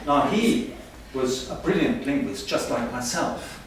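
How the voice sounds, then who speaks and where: A man's voice: mid-range voice, animated, a little slow, slight background noise, natural voice. A man playing a pompous, boastful male language professor in a stage comedy sketch, heard from far off in an echoey hall. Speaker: comic stage performer.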